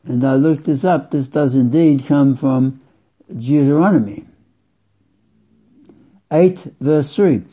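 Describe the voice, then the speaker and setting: A man preaching a sermon slowly and with emphasis, repeating phrases for weight. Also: mid-range voice, breathy edge. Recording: dull lo-fi sound.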